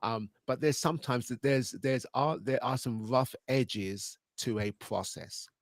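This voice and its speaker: A man's voice: medium pitch, a little slow, no room sound. A man hosting a casual video-call chat, rambling and restarting his sentences as he works through an idea. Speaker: host.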